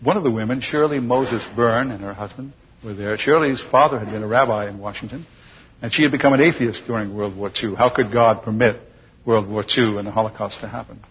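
An older man telling his personal testimony to an audience as a chuckling, lively storyteller. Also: lowish voice, brisk, slightly rough. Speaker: speaker giving a personal testimony. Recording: dull lo-fi recording with long hall reverb.

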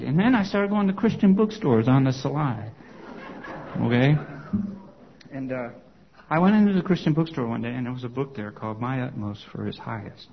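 With vocal fry in a mid-range voice and a lo-fi sound, a man who was once a congregation elder shares his testimony with an audience. He tells it conversationally, like a story, sprinkling in "you know" and "okay?"

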